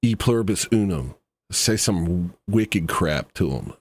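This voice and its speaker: A man's voice: deep voice, animated, unhurried. A man hosting a livestream, reacting to a video with rambling, mock-serious satirical commentary that trails off into asides.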